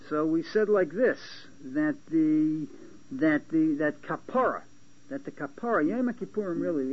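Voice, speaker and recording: A man giving a Talmudic lecture to a small class, halting and restarting often and checking that his listeners follow. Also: a little high. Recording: dull lo-fi lecture recording with faint hiss.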